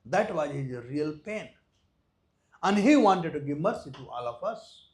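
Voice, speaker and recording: A man with an Indian accent giving a devotional lecture, telling a story with loud stresses and soft drops and nonstandard English grammar. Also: a little high, animated, measured pace. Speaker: visiting speaker at a temple.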